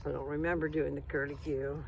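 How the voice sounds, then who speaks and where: A man with a slightly high voice chats loosely to his viewers as he walks along an outdoor path. He rambles from one thought to the next, speaking into a handheld phone, with faint outdoor ambience behind him. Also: level tone, fairly quick, creaky, lo-fi sound, a little hiss or hum. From Colorado. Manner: rambling, talks to viewers while walking. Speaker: vlogger. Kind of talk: casual walking vlog.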